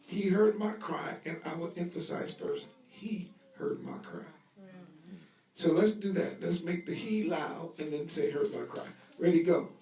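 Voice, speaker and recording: A man teaching a Bible lesson to a live audience in a lively sermon style, talking conversationally, acting out scenes, and leading call-and-response. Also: fairly high pitch, a little hiss or hum. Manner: conversational, acts out scenes with voices. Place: room at a live gathering. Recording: echoey live room audio, voice distant.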